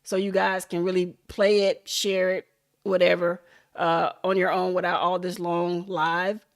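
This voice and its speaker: A woman hosting a casual livestream, chatting and laughing with viewers in an animated, hyped-up way. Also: on the low side, measured pace. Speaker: livestream host.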